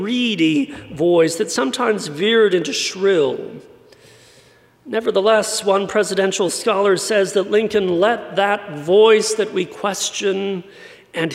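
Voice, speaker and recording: A man from San Antonio preaching a sermon in a wry, conversational way. His light voice is often mistaken for British. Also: high voice. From San Antonio, Texas. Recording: long church reverb.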